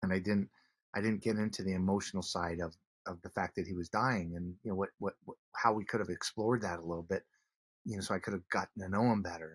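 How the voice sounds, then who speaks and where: A man, a guest on an interview podcast, telling a personal story earnestly, with many halting restarts. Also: deep voice, breathy edge, dry recording.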